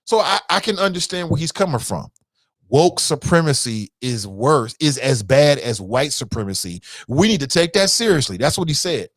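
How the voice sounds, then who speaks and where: Animated, blunt male commentary host. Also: fairly high pitch, normal speed, no room sound. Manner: blunt, profane, animated, talks to viewers as "fam". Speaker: host of a news commentary show. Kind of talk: casual opinion commentary.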